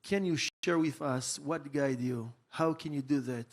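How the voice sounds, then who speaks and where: A man moderating a conference interview, setting up his question in an earnest, deliberate way. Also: medium pitch, a little mellow.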